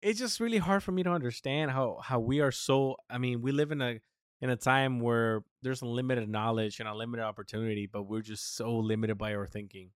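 This American podcast host has a clear, resonant mid-range voice and a brisk pace, captured in studio quality with no room sound. In casual talk he launches into animated rants, swearing plenty and restarting often.

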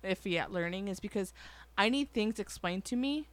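A woman's voice: mid-range voice, normal speed. A woman chatting casually on a podcast, telling school stories and acting out other people's lines. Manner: animated, acts out quoted voices, swears casually. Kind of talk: casual storytelling chat.

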